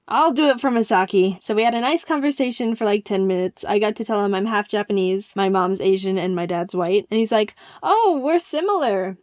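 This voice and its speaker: An excitable woman narrates a personal story with playful energy and quick jokes. Her voice sits slightly high. The sound is dry and close, with no room around it. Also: no room sound. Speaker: animator and storyteller.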